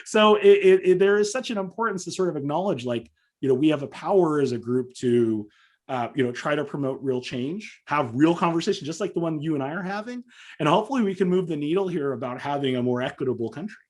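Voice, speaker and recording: A man's voice: a little high, fast talker. Earnest man, emphatic podcast guest. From Southern California. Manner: earnest, emphatic, with many fillers. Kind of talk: conversational interview.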